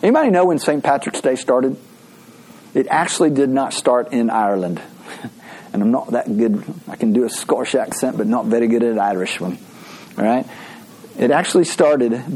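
A male pastor leads a relaxed Bible study, talking eagerly and wandering into side remarks. His voice sits at an ordinary middle pitch, and he often restarts his sentences as he goes. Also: rough recording. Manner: eager, chatty, many asides and restarts. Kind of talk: casual Bible study teaching.

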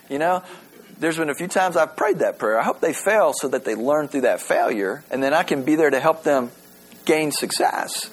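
A pastor with a high voice preaches a sermon in an animated, conversational way. He stumbles over repeated words when starting sentences and slows down to read scripture aloud.

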